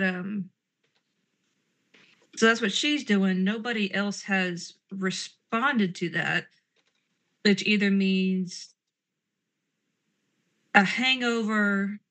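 A woman's voice: mid-range voice, fairly bright tone. A woman playing a tabletop role-play game, speaking in character with petulant, sarcastic banter and describing her character's actions.

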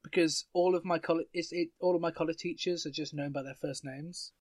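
A man's voice: on the high side, steady tone, fairly quick, dry recording. Young man from England, dry close sound. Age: young adult. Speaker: podcast co-host. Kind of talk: casual film discussion.

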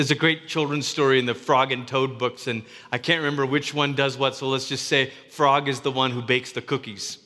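A man's voice: mid-range voice, fairly even intonation, a little fast, few pauses, bright, forceful tone. A man preaching a sermon as a pastor, earnest and conversational, often restarting his words. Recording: reverberant hall.

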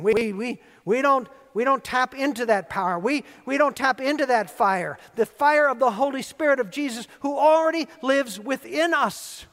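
High-voiced male pastor in echoing hall. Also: a bit bright. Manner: earnest storytelling preacher, repetitive emphatic phrasing. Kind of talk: sermon. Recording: long reverb of a large hall.

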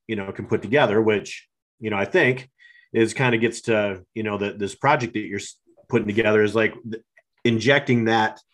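A man's voice: lowish voice, fairly bright tone. A man hosting a casual podcast chat, agreeing often and filling with "you know" and "right".

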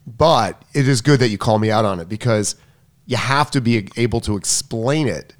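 A man's voice: medium pitch, normal speed. New man explaining tennis footwork. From New York. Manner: explains in detail, self-correcting restarts. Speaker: tennis coach. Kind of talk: casual podcast chat.

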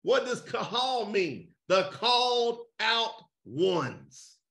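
A man preaching fiery call-and-response over a video call, emphatic and shouting, firing rhetorical questions at his listeners. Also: sits high, sing-song, very slow, creaky. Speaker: preacher leading an online gathering.

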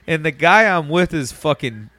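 A young man with a slightly high voice telling a story on a podcast, cursing freely and laughing through it. The sound is dry and close, with no room echo at all. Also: moderate pace. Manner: profane, laughing, animated retelling. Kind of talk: casual storytelling chat.

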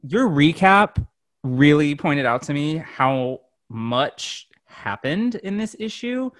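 Podcast guy mulling over the issue out loud, dry close mic, kinda hesitant. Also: on the high side, very animated, slow, dry recording. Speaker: podcast co-host. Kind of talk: casual chat.

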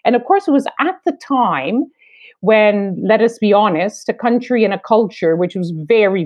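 A woman in her fifties from eastern Canada, a foreign correspondent with a Canadian accent, speaking in a measured, wry, reflective way in an interview. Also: mid-range voice, darkish tone. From New Brunswick, Canada. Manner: measured, wry, deliberate phrasing. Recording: slightly dull lo-fi sound.

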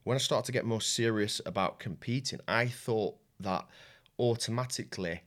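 Low-voiced Yorkshire man telling stories. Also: normal speed, a bit bright. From Yorkshire, England. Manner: candid storytelling with frequent restarts and swearing. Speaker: jiu-jitsu coach and competitor, guest. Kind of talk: casual podcast conversation.

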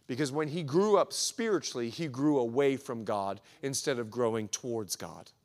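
A male pastor preaching a sermon at a men's breakfast, telling the story with animated delivery and acting out what people say. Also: medium pitch, normal speed, in a large hall. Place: church hall at a men's breakfast.

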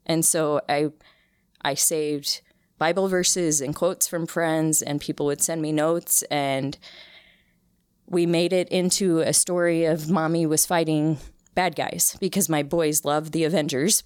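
A thirties-aged woman, a cancer survivor appearing as an interview guest, shares a personal story with earnest emotion and often starts over. Her deep, darkish voice stays steady and unhurried in this casual conversational interview. The clean studio-quality recording has no room sound.

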